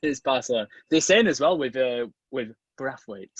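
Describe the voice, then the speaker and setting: A man's voice: mid-range voice, expressive, normal speed, highs cut off. A man with a Mancunian accent co-hosting a football podcast, laughing often and keen in the banter. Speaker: podcast co-host. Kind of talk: casual football chat.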